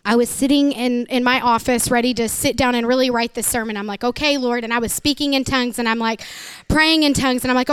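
A woman's voice: on the high side, steady tone, brisk, a bit bright, smooth, no room sound. Lady pastor preaching, emotional, dry close mic. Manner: emotional, earnest, emphatic. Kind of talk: sermon.

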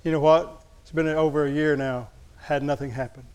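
A man's voice: a little high, fairly even intonation, moderate pace, darkish tone. Folksy male preacher telling a story. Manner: folksy, candid, humorous storytelling to a congregation. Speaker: pastor. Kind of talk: sermon storytelling.

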